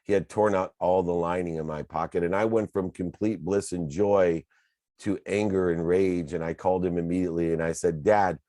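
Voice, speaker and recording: A man's voice: sits low, fairly even intonation, normal speed, dark tone, dry recording. A man in his fifties giving a motivational talk, telling his own story in an earnest, confessional way. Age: 50s. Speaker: motivational speaker.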